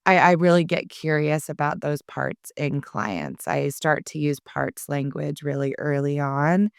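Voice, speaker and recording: A woman therapist, a podcast guest, explaining in a reflective, warm-hearted way in casual conversation. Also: low voice, a little slow, gravelly, smooth, no room sound, clean studio sound.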